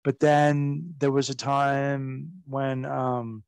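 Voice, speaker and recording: A man telling backstage stories as a guest in a casual interview, animated and profane, laughing as he goes. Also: medium pitch, very slow, vocal fry, clean tone, no echo. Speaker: guest recounting his wrestling career.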